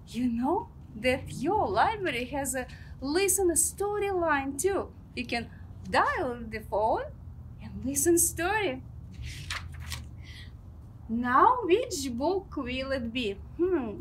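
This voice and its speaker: A woman librarian reads a picture book aloud to young children in a very high, lively voice. She takes her time and speaks gently. A faint noise sits behind her. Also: slow.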